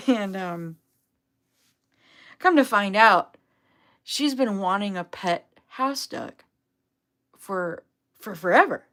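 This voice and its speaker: A woman's voice: medium pitch, animated, slow pace, pauses often, a bit bright. A young adult woman telling a rambling, upbeat story on a casual livestream, full of fillers. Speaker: vlogger, duck owner.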